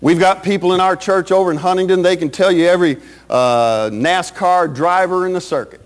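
A man's voice: sits high, brisk. A man preaching a Baptist sermon with a fervent, rising and falling cadence.

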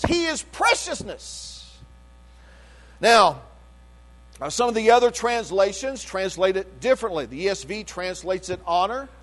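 An older man preaching a sermon, earnest and emphatic, stopping to restart phrases and asking the congregation to agree with him. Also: high-pitched. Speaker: pastor.

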